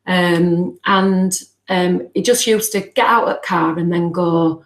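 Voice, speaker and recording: A woman's voice: fairly low pitch, fairly even intonation. Woman in an echoey room. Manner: earnest, halting, acts out remembered dialogue. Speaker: guest, bereaved mother. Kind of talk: personal storytelling in a podcast interview.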